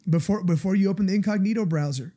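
Male pastor, conversational sermon; warm, mellow tone, emphatic and confessional. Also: sits high, fast. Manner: earnest, confessional, emphatic, often asks listeners "right?".

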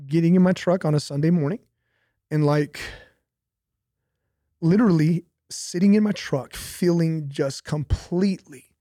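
A man's voice: a little high, a little slow, long pauses, mellow, no echo, studio quality. A young man, a pastor, talking casually about faith, telling stories animatedly with laughs and repetition.

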